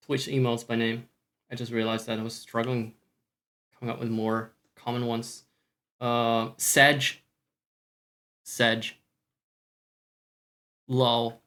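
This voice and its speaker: A man's voice: mid-range voice, a bit bright. A Scottish man chatting casually on a stream, rambling, swearing often and talking to himself.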